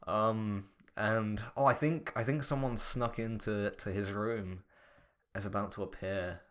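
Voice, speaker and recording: A man hosting a podcast in casual chat, rambling and animated with mock outrage. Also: on the low side, measured pace. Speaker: podcast host.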